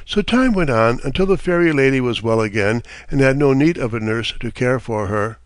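Brief: steady male storybook narrator, mid-pitched voice, dead-dry recording. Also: normal speed, no room sound. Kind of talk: storybook reading.

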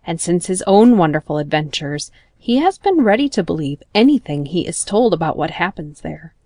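A woman narrating a children's storybook in a gentle, expressive manner. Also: on the low side, moderate pace, no room sound.

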